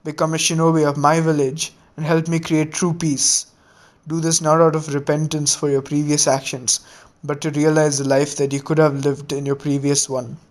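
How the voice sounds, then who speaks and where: A man voicing a calm, confident young male village leader with an earnest, lecturing manner. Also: fairly high pitch, moderate pace, close to an everyday voice. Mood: firm.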